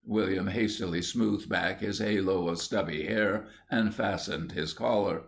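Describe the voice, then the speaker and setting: A man narrating a children's storybook in an even storytelling manner. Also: deep voice, unhurried, creaky. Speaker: audiobook narrator. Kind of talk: scripted narration.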